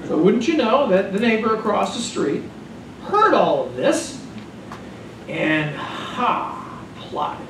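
Male pastor, lively sermon storyteller; far mic in a roomy, noisy hall. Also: high-pitched, slow pace. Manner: animated storytelling. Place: church sanctuary. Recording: echoey church hall, distant mic, noisy.

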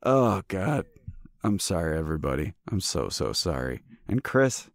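Podcast host, man, very low voice, swears freely, dry close sound. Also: big pitch swings, a little slow, dry recording. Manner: profane, joking. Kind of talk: casual chat.

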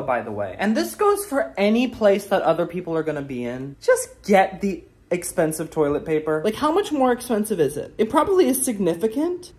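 A man's voice: sits high, darkish tone. A young man vlogging into his phone inside a rental apartment, rambling through nervous thoughts with self-deprecating jokes. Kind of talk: casual late-night vlog to camera. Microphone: phone held close.

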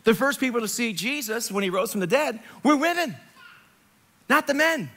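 A man from Long Island preaching an Easter sermon in a church, animated and conversational, with jokes and asides, swinging from loud to hushed. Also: extremely high pitch, moderate pace. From Long Island, New York. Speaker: pastor. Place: church sanctuary, live service.

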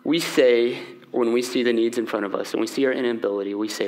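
A man's voice: mid-range voice, steady tone, fast talker, darkish tone. A middle-aged man preaching a sermon in a conversational way, often checking in with the congregation. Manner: conversational, asks the crowd "right?" often, voices the disciples. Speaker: pastor.

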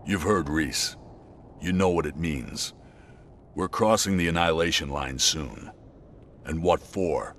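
Grumpy soldier in a game cutscene, super deep voice, pushes back hard. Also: male voice, unhurried, long pauses, a little hiss or hum. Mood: frustrated. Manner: blunt, argumentative. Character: blunt, frustrated male resistance corporal. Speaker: corporal. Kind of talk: video game cutscene acting.

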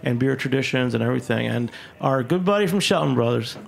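A man's voice: mid-range voice, animated, quick pace, gravelly. A man hosting a radio talk show in a studio, enthusiastic and rambling, often repeating himself. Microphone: studio microphone.

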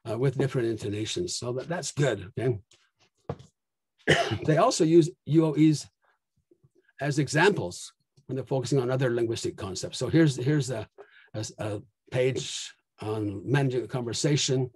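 A man delivers a conference talk and keeps checking that his listeners are following. His voice is mellow and a little husky, and the sound is dry and close with no room echo. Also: medium pitch, animated, moderate pace. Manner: explanatory, checks in with frequent "okay?". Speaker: conference plenary speaker. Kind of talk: lecture presentation.

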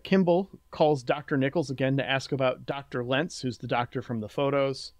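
Male podcast co-host, mid-pitch, plain recap delivery, dry recording. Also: moderate pace, dry recording. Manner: reads plot summary in a steady recap, then chats. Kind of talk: casual recap and chat.

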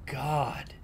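A young adult gaming host giving live commentary on a boss fight, panicky and exclaiming, often repeating himself. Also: slight background noise. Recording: game music behind the voice.

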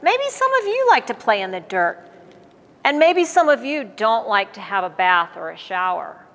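A woman museum docent reading a picture book aloud to children in a gallery, pausing to explain words. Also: medium pitch, in a large hall. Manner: animated, explains words to kids.

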